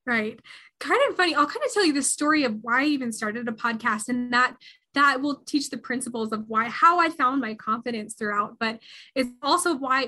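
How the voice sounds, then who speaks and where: Bright, earnest young woman guest. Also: on the high side. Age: 20s. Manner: earnest and reflective, with frequent restarts. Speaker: podcast guest, harpist. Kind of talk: interview answers.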